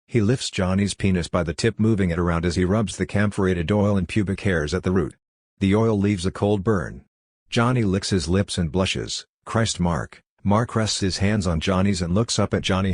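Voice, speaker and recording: A man slowly reading his own literary fiction aloud in a deadpan, fragmented recitation. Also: low-pitched, dry recording, clean studio sound.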